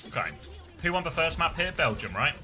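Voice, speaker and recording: A man's voice: on the high side, very animated, fairly quick, noisy background. A man casually co-streaming an esports match from the south of England, chatting with his viewers and laughing often. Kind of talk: casual live co-stream commentary.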